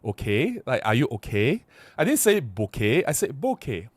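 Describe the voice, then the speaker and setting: Guy rambling at his camera, pitch jumping all over, dry close sound. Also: moderate pace, no echo. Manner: rambling, repeats words, animated. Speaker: camera vlogger. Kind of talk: casual talk to camera.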